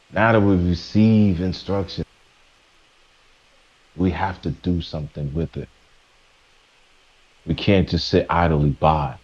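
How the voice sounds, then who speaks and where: A man's voice: sits low, muffled recording. A man streaming live, ranting preachily to his chat, stumbling and restarting as he presses his points. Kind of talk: casual rant to a live chat.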